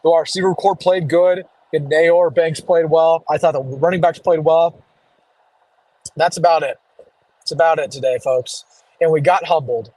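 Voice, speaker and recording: Young man, fairly high voice, slightly hoarse, casual live-stream chat, dry close sound. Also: darkish tone, no echo, poor audio. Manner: casual, chatty, reads viewer comments aloud. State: losing his voice a little. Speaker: sports streamer host. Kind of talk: live postgame reaction stream. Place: driving home.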